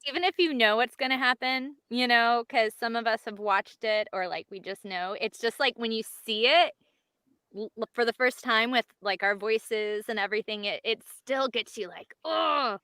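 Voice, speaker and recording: A woman guest voice actress with a smooth, bright, fairly high voice. She speaks with enthusiasm and expression, recorded dry. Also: normal speed, dry recording. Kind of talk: casual discussion.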